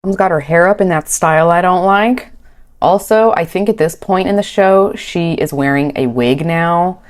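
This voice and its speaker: Recapping a reality show on a home recording mic, a woman speaks casually at normal speed in a lowish voice. She's chatty and wry, quoting people in bouncy voices.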